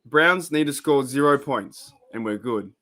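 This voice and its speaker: An Australian man hosts a live sports reaction stream, chatting casually and rambling, with bursts of excitement at the plays. His voice sits at a medium pitch and he takes his time.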